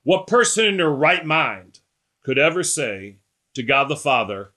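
A man preaching a sermon, emphatic and repetitive, slowing and rising on quoted scripture. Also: a little high, very animated, pushed and bright. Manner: repetitive, rhetorical lists.

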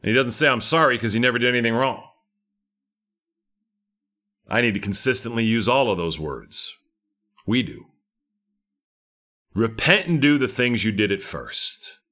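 A man's voice: medium pitch, animated, normal speed, pauses often, pushed and bright. A middle-aged man preaching a sermon, fervent and emphatic, with lots of repetition.

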